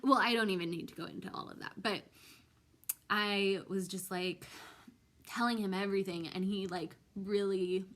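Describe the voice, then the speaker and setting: A woman's voice: mid-range voice, steady tone, normal speed, a bit bright. A young woman telling a personal story in a vlog, hesitant and full of ums, emotional and close to tears. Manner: hesitant, many ums and restarts. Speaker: vlogger.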